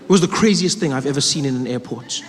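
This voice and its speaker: A man from South Africa performing a stand-up comedy set, telling stories and acting out the people in them. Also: fast talker. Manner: animated storytelling, acts out voices with big pitch jumps.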